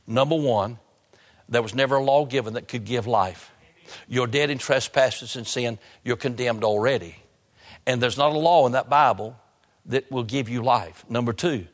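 Brief: male pastor, sermon delivery, repeats lines and drags key words, long church reverb. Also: mid-range voice. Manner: preaching with repetition and sudden slow emphasis. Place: church sanctuary.

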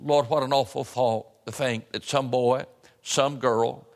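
A male pastor delivers a sermon in a church sanctuary, his voice rising in emphatic swells and stretching key phrases. His pitch sits in the middle range. A long hall reverb trails every line. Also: fairly even intonation. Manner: rising, emphatic preaching cadence with drawn-out phrases.

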